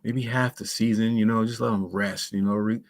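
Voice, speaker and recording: Laid-back low-voiced sports co-host. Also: male voice, fairly even intonation, a little fast, gravelly. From Boston area. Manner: casual, laid-back, says "you know what I'm saying". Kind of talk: sports talk chat.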